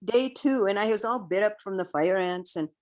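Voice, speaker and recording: A woman in her sixties, a guest on an interview podcast, telling a personal story in an animated way and acting out her own past outbursts. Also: medium pitch, moderate pace. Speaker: interview guest, vegan educator.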